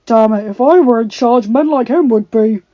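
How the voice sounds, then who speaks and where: A woman's voice: on the low side, little pitch movement, normal speed, close to an everyday voice. A woman voicing a fierce, protective male beast prince who growls and snarls his words, in a storybook reading. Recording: slightly dull, faint background music.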